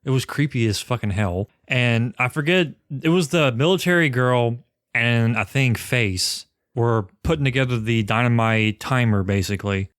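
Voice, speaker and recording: A man's voice: mid-range voice, moderate pace, fairly bright tone, no echo, studio quality. A man co-hosting a podcast, casually and profanely retelling scenes from a cult film. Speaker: podcast co-host. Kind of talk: casual movie review chat.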